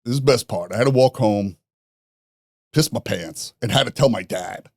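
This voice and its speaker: Gravelly, profane New man telling stories. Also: fairly low pitch, normal speed, dry recording, clean studio sound. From New York. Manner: profane, animated storyteller who laughs at his own stories. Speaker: podcast guest. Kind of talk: casual storytelling.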